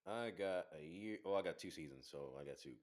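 A young man, a college football player, chatting casually in a relaxed way, with halting restarts and casual swearing. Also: low voice. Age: young adult. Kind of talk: casual chat.

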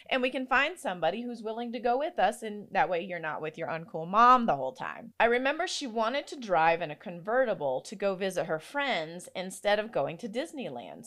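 A woman in her thirties, a podcast host, telling a candid personal story in an animated way and laughing often. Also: medium pitch.

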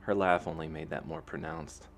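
A man narrating a fantasy novel as an audiobook, in a calm, even storytelling manner. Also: rumbling low, moderate pace, a little hiss or hum.

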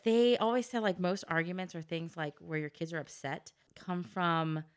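A woman chatting casually about parenting, who often backs up the other speaker with quick "yeah"s. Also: fairly low pitch, fairly even intonation, smooth. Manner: supportive listener, frequent "yeah" agreements. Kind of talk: casual chat.

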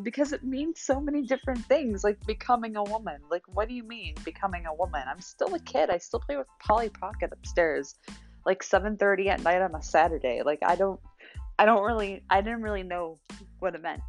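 A young woman talks in a loose, confessional way on her own podcast. She is blunt and cheerful, curses casually and laughs between thoughts. Faint music plays behind her. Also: a little high. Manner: candid, swears freely, laughs often. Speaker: podcast host.

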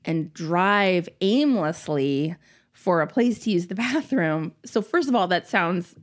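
A woman's voice: fairly low pitch, lively intonation, slow. A woman in her thirties tells a funny story in casual chat, full of laughs and acted-out panicked quotes.

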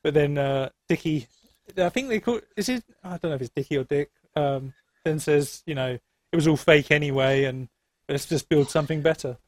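A man's voice: on the high side, moderate pace, darkish tone, no room sound. A man co-hosting a podcast, chatting casually about a film, laughing often and filling his talk with ums and likes. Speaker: podcast co-host.

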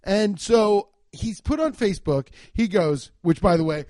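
Male comedian-host from Cincinnati: high voice, loose profane rambling, dry close mic. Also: expressive, unhurried, few pauses, dark tone, dry recording. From Cincinnati, USA. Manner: rambling, profane, repeats words as he restarts. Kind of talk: casual podcast rant.

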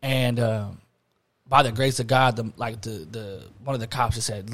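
A man's voice: medium pitch, fairly even intonation, normal speed, a bit bright. A young man telling a story in a casual chat, laid-back and full of slang and fillers. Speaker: podcast host.

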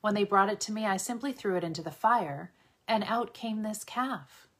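A woman reading a scripture passage aloud in a steady, measured way, lightly voicing the quoted speech. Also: medium pitch, slightly rough. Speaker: Bible reader.

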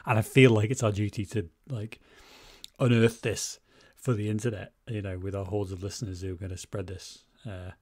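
A man's voice: lowish voice, level tone, normal speed, breathy edge, no echo, clean studio sound. A man co-hosting a casual film podcast, wry and teasing, with plenty of swearing. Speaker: podcast co-host. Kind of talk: casual film-review chat.

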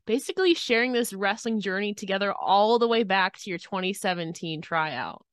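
A woman's voice: medium pitch, expressive, normal speed, clean tone, no echo. A woman hosts an interview podcast, chatty and friendly as she poses long, rambling questions. Her voice sits in a dry, close recording with no room sound. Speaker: podcast host. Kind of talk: casual interview chat.

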